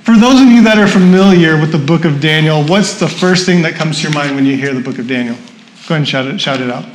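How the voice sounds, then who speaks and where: A man's voice: on the high side, fast, echoey room, slight background noise, poor audio. A man preaching a sermon, telling a personal story in a chatty way and laughing often. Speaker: pastor. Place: church hall with audience.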